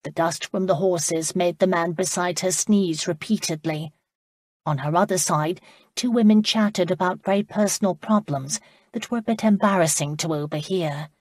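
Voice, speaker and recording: A woman gives a measured, expressive reading of scripted audiobook narration. Her voice sits low with a husky grain, recorded close and dry with no room sound.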